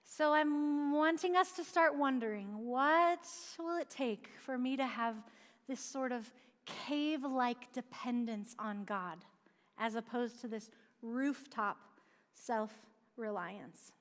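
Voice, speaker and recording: Speaking at a slow pace in a slightly high voice, a woman delivers a sermon in a church sanctuary. She earnestly raises questions and supplies her own answers, with long church-hall reverb on the recording.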